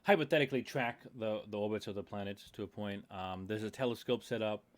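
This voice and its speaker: A man's voice: on the low side, fast, a little hiss or hum. A man running a tabletop horror game as game master, describing scenes in a rambling way full of fillers.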